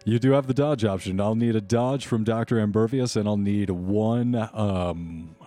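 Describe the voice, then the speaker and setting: A man with a low, mellow voice narrates a tabletop game as game master. He sets scenes at a measured pace, pausing on fillers as he reads from his notes. Faint music sits in the background. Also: no echo.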